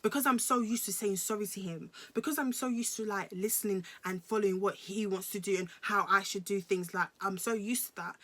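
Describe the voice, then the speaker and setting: A young British woman with a bright, sharp-edged voice recounts a personal story for her vlog. She talks in an emphatic, slangy way and keeps repeating phrases for effect. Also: mid-range voice, a little fast, hardly any pauses. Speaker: vlogger.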